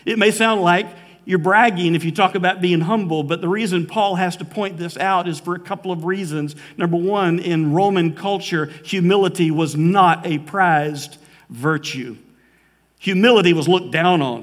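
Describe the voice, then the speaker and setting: A male pastor preaches from the pulpit, his voice sitting high and carrying heartfelt conviction. He slows down to press his key points and turns emotional at times. A long reverb fills the church sanctuary behind him. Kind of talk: sermon. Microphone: live preaching mic.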